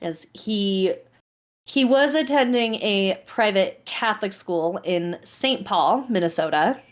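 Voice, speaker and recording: A woman on a podcast, taking her time as she walks her co-host through a story. Her delivery is unhurried and measured, and she explains what her research found in a relaxed, chatty way. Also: medium pitch. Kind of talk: casual storytelling chat.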